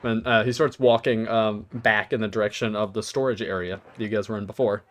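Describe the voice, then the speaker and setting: A man running a tabletop game in a relaxed way, laughing often. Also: on the low side, fairly quick. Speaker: game master.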